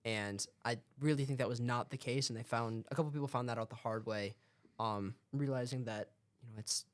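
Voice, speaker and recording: A man's voice: medium pitch, fairly quick. A young man, a cadet co-hosting a podcast, who talks things through in a thoughtful way and uses plenty of fillers. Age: young adult. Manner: thoughtful, explaining with frequent fillers. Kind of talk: casual podcast chat.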